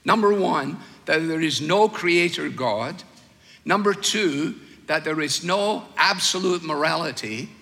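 An older man preaching a sermon, telling stories with wry humor and slow, weighed emphasis. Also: on the high side, lively intonation, creaky, pushed and bright, in a large hall.

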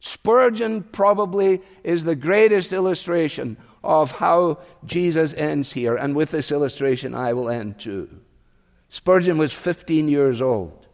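A man's voice: fairly high pitch, a little slow. Man preaching in a reverberant hall. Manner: storytelling, acting out quotes, building to shouted climaxes. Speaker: pastor. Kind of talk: sermon.

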